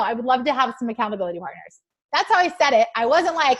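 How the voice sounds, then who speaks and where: A woman with a high voice talks through a team training call in a loose, chatty way. She is eager and fills her talk with little fillers and quoted asides. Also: big pitch swings, quick pace, a bit bright.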